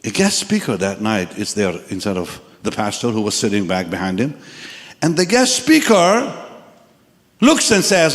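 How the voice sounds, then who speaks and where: A man in his seventies preaching a dramatic sermon testimony to a large congregation. He swings from hushed tones to sudden shouts. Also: lowish voice, wildly swooping pitch, normal speed. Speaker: pastor. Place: large church or crusade hall with congregation. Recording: echoey hall sound.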